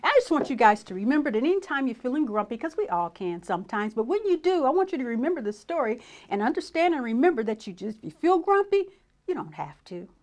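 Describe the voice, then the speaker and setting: A middle-aged woman reading a picture book aloud to young children, gentle and animated. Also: high voice, quick pace. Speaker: children's story reader.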